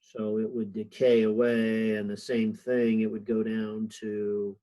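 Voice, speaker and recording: A man's voice: lowish voice, little pitch movement, a little slow, mellow, poor audio. A man teaching a physics help session over a video call, thinking aloud with lots of fillers and a few light jokes. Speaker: physics instructor. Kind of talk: online class help session.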